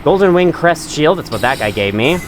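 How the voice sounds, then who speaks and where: A man's voice: on the high side, big pitch swings, fairly quick, slight background noise. A man hosting a gaming channel, giving rambling, self-mocking let's-play commentary and chuckling to himself as he plays.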